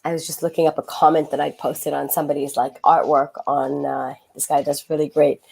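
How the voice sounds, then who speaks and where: Lower-voiced woman rambling in podcast chat. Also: little pitch movement, a little fast, gravelly, a little mellow, slightly rough. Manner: rambling, many fillers and restarts. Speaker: podcast co-host. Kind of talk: casual spiritual chat.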